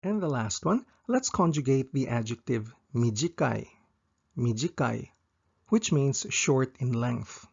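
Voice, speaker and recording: A man teaching a language lesson, saying each example slowly and repeating it twice. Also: medium pitch, animated, creaky, darkish tone, husky, dull audio.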